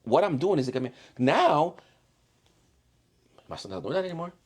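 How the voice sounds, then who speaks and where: A man's voice: fairly high pitch, sing-song, normal speed, darkish tone, slightly rough. A father in a casual podcast chat, animatedly telling stories about his kids and acting out their voices. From the islands. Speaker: single father guest.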